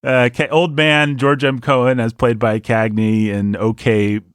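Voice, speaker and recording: A man's voice: mid-range voice, level tone, a little slow, clean tone, dry recording, studio quality. A man co-hosting a casual movie review podcast, talking at length and laughing often as he pokes fun at the film. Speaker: podcast co-host.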